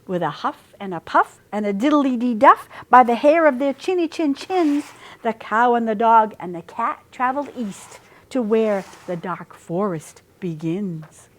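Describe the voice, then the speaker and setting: A woman reading a picture book aloud at storytime, expressive and sing-song through the rhymes. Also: a little high, unhurried. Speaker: storytime reader.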